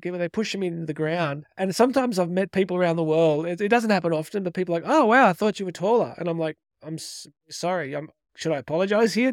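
A middle-aged man giving an energetic motivational talk, emphatic and repeating his key phrases. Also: a little high, dry recording, clean studio sound. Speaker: motivational speaker. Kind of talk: direct-to-camera motivational talk.

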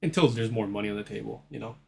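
A man's voice: fairly low pitch, racing, gravelly. A man hosting a horror movie podcast, chatting in a crude, rambling way and laughing easily. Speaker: podcast host. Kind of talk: casual podcast chat.

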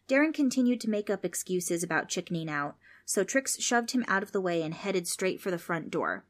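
A woman reading a children's storybook aloud as narrator, steady and expressive. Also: on the low side, brisk, hardly any pauses.

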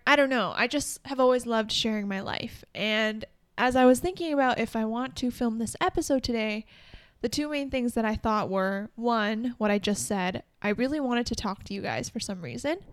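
Chatty young woman podcasting, slightly high voice. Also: no echo. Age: early 20s. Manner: rambling, restarts mid-sentence. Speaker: podcast host. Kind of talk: casual solo podcast talk.

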